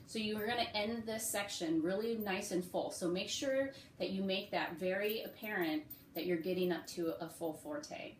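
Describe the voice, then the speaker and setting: A woman who teaches music, giving step-by-step practice advice in a relaxed, friendly way with frequent ums and okays. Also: medium pitch, roomy sound, slight background noise. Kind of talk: casual instructional talk.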